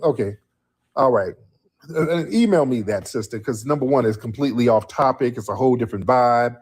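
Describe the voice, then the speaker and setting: A man's voice: medium pitch, a little fast, husky. A man hosting a live stream, talking bluntly and casually to his viewers in the chat.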